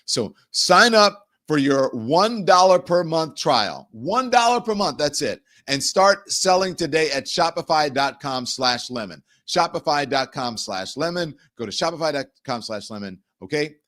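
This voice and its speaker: In a slightly bright voice with lively intonation, a middle-aged host talks a little slowly yet hardly pauses. His casual talk show monologue is chatty and full of repeated words, shifting from a sponsor pitch to a heated rant.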